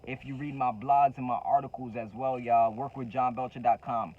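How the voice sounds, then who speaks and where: A man's voice: medium pitch, steady tone, normal speed, phone-quality sound. A man hosting his own channel, giving a motivational talk to the camera with fervent repetition of key phrases and casual slang. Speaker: entrepreneur coach and channel host.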